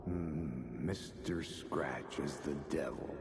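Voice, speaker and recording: An actor playing a gruff, terse male detective in a video game, with a gravelly, skeptical manner. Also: very deep voice, slow pace, over loud music, heavily acted. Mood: dry, wry. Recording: echoey cavernous game reverb.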